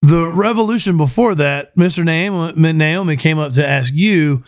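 Profane, animated man hosting a podcast. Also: a little high, normal speed. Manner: profane, animated storyteller who laughs often. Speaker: podcast host. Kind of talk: casual storytelling chat.

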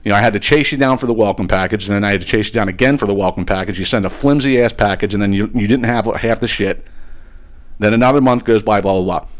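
A man's voice: lowish voice, fast talker. A man hosting a podcast, telling a long exasperated story in a casual, profane ranting way. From eastern Pennsylvania. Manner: profane, exasperated, animated retelling. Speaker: podcast host.

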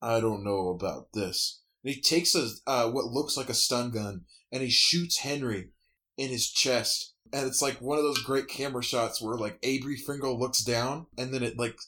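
A man's voice: medium pitch, moderate pace, sharp tone. Male game master, rambling casual narration, full of fillers.

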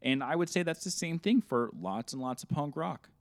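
A man's voice: a little high, animated, normal speed, no room sound, studio quality. A man co-hosting a podcast in casual chat, rambling and swearing freely, sometimes acting out the people he quotes. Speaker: podcast co-host.

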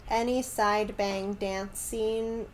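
A woman's voice: mid-range voice, steady tone, drawn-out words, a little hiss or hum. A woman co-hosting a podcast, chatting bluntly about films and swearing for emphasis. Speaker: podcast co-host. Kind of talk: casual film discussion.

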